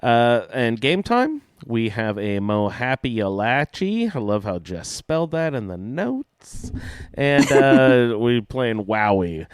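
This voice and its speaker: A man's voice: mid-range voice, slow, clean tone, no room sound, studio quality. A man hosting a casual podcast, joking around with frequent fillers. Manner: jokey, lively, with frequent fillers. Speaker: podcast host.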